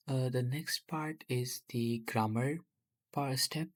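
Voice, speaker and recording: Monotone hesitant male language teacher. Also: mid-range voice. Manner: hesitant, frequent filler pauses. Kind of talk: narrated tutorial.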